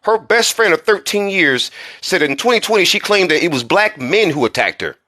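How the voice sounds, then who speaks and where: A man with a high, sharp, tense voice delivers an indignant commentary vlog. His pitch swings widely as he fires off rhetorical questions and repeats key words for emphasis. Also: sing-song, normal speed. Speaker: commentary channel host.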